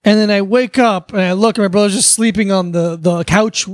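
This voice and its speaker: A man's voice: high-pitched, steady tone, fairly quick, no room sound. A man from South Florida co-hosting a podcast, telling a childhood story in earnest, rambling casual chat. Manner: earnest, rambling with fillers and restarts. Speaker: podcast co-host. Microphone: podcast studio mic. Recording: dry close studio sound.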